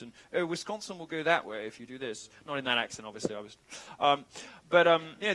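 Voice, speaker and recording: Man, guest speaker, live Q&A, sardonic, chatty, bright tense tone. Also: mid-range voice, poor audio. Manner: sardonic, chatty, with joking asides. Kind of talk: live Q&A speech.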